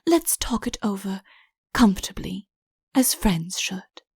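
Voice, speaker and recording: A woman voicing a scheming, flirtatious countess in an audiobook, with a breathy, whispery delivery and a put-on meekness. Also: mid-range voice, lively intonation, slow pace, no room sound, clean studio sound, full character voice. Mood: cooing whisper. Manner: coy, feigns meekness. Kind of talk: audiobook character voice.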